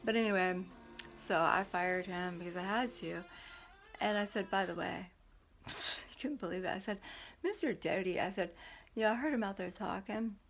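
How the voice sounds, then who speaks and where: A woman's voice: mid-range voice, normal speed, pauses often. Heated, rambling woman venting. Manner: rambling, heated, profane, quotes others in dialogue. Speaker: parent recounting a custody court hearing. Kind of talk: casual vlog rant.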